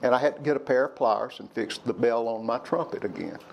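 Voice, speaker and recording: An older man speaks a little fast in a mid-range voice with some vocal fry, sharing open personal stories with young people over slight background noise. He rambles at times and raises his voice to dramatize past arguments.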